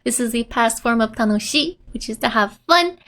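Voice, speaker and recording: A woman's voice: fairly high pitch, expressive, normal speed, fairly bright tone. A woman teaching Japanese from a manga scene, breaking down each line in a playful way, often laughing and acting out the characters. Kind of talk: manga-based language lesson.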